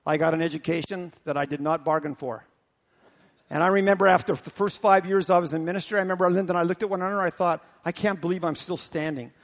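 Pastor preaching, high and animated, long echo of a large hall. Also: male voice, quick pace. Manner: animated storytelling, repetitive. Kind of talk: sermon.

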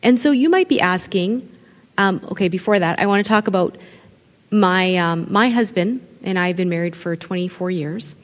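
Expressive woman speaking in a big hall. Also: fairly low pitch, moderate pace. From Italian family background. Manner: expressive, conversational, quotes people in acted voices. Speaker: children's ministry leader. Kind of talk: conference talk to ministry leaders. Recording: long hall reverb.

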